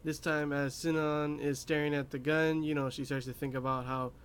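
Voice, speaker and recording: A man's voice: on the high side, little pitch movement, normal speed, smooth. A young man casually recapping an anime episode, rambling with lots of fillers and laughing at his own asides. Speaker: anime reviewer.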